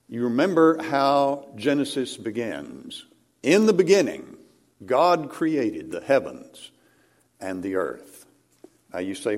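A man preaching a sermon, speaking in a measured way and rising for emphasis. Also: fairly low pitch, darkish tone. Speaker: pastor.

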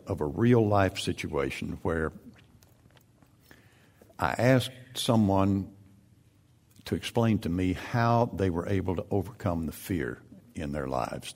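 A man preaching a sermon, building into loud, emphatic peaks as he retells and presses his points. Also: on the low side.

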